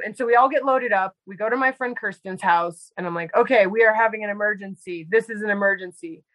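A woman's voice: mid-range voice, a bit bright, no echo, poor audio. A woman guest telling a personal story in casual conversation, chatty and full of "like" and fillers. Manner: chatty, heavy use of "like" and fillers. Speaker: podcast guest; medical provider.

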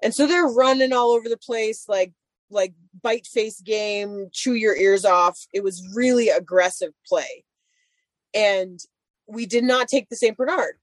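A woman's voice: mid-range voice, a little slow, no echo. Woman, casual storyteller, dry close mic, lots of fillers. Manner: chatty storyteller, many "like" fillers. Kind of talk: casual chat.

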